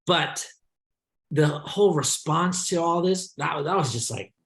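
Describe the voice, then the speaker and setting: A man hosting a podcast, telling an anecdote in casual chat, excitable and laughing often as he acts out the people in it. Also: a little high, unhurried, reverberant. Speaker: podcast host. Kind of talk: animated storytelling in casual chat.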